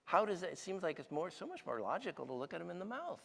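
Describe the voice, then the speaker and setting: A guest speaker in his sixties gives a conversational sermon in a church hall, telling stories and asking the audience questions. His high-pitched voice is fast, gravelly and a bit bright, with big pitch swings and a big-room sound.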